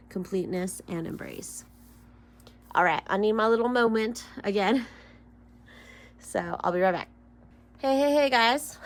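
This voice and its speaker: A woman's voice: medium pitch, creaky, a little hiss or hum. A young woman giving a casual tarot reading, chatty and loose, swearing and laughing between solemn card readings. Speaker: tarot reader.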